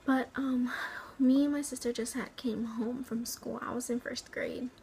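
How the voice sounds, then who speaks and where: A woman from South Texas tells a personal story at home with a slightly high, gravelly voice. She rambles and hesitates, filling gaps with ums and likes, and sometimes sinks to a near whisper. A faint hiss sits under her voice. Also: fairly even intonation, measured pace, dark tone, poor audio. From Rio Grande Valley, Texas. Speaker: vlogger.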